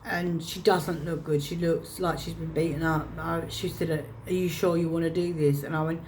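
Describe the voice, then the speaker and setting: A woman's voice: low voice, fairly even intonation, moderate pace, few pauses, a little mellow, slight background noise. Choked-up woman vlogger. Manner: emotional, reenacting her own past words. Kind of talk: personal storytelling to camera.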